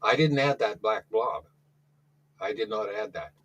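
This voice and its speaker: A man's voice: fairly low pitch, unhurried, noisy background. A man calling in to a talk show, telling a rambling story in a casual way, often restarting his sentences. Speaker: caller.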